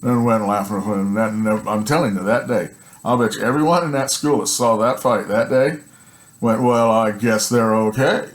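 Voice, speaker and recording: A man casually telling a personal story in a rambling, animated way, swearing, often laughing, and checking in with "right?" and "you know". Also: lowish voice, normal speed.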